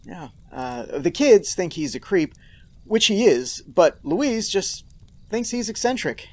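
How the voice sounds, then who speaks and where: Male podcast host, high pitch, very lively intonation, sarcastic recap, mock outrage. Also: takes it slowly, no echo. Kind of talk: comedic episode recap.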